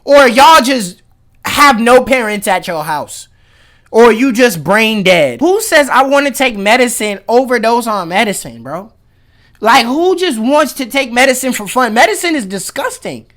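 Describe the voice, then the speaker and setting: High-voiced young man riffing loudly. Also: big pitch swings, measured pace. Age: 20s. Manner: loud, mocking, joking slang. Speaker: reaction video host. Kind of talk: casual reaction commentary.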